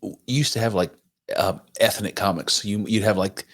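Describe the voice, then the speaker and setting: A man co-hosting a podcast, telling stories in rambling, animated casual chat. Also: fairly low pitch, moderate pace. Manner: rambling, animated storytelling with laughs. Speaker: podcast co-host.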